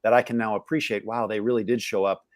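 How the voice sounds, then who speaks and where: A man's voice: on the low side, fairly even intonation, fast talker, no echo, studio quality. A middle-aged man as a guest on a live interview, reflecting candidly on his upbringing, searching for words as he goes. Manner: candid, searching, many restarts and fillers. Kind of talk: reflective personal storytelling.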